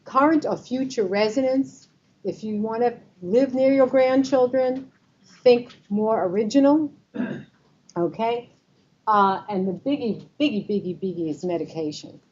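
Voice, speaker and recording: A Medicare advisor with a New York accent presents a seminar to a live audience in a meeting room, chatting casually and quizzing listeners with true-or-false questions. Her voice is a little high and darkish in tone, and she speaks a little slowly. The recording is slightly muffled, with faint room noise.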